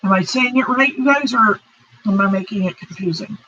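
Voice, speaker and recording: This crochet host from the United States speaks a little fast at medium pitch, with a sharp tone and a breathy edge. On her casual live stream she rambles apologetically and reads out chat comments; the audio is dull lo-fi stream sound.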